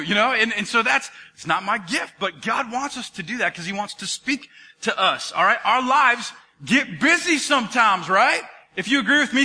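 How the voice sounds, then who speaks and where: A man's voice: very high-pitched, lively intonation, fairly quick, bright, forceful tone, big-room sound. A man preaching a sermon as pastor, telling playful jokey stories and calling out to the congregation in a church. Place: church sanctuary.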